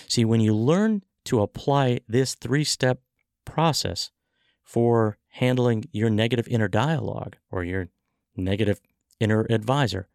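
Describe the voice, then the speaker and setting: A man hosting a podcast for sales professionals, telling stories with acted-out dialogue and coaching in a lively, motivational way. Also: medium pitch, a little slow, creaky, dry recording, studio quality. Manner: animated storytelling, acting out dialogue.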